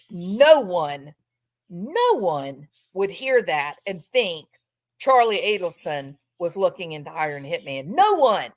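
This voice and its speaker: A woman's voice: mid-range voice, sing-song, slow. A woman giving impassioned true-crime commentary from home, repeating phrases for emphasis and mock-quoting others.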